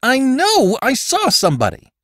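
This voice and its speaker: A man's voice: very high voice, wildly swooping pitch, normal speed, a bit bright, no echo, studio quality, pitched above the performer's own voice, exaggerated voice. A man voicing an anxious, indignant older aunt in a storybook reading. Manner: pleading, indignant questions. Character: anxious older aunt, gray-haired woman.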